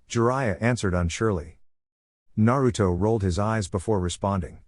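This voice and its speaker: A man narrating a fan fiction story in a steady, plain reading. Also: lowish voice, brisk, dry recording, clean studio sound.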